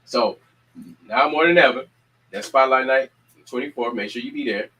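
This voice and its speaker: Energetic man rallying his community. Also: mid-range voice, moderate pace, low-quality recording. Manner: preacher-like repetition, energetic calls to action. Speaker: community organizer and show host. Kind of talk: casual community announcements.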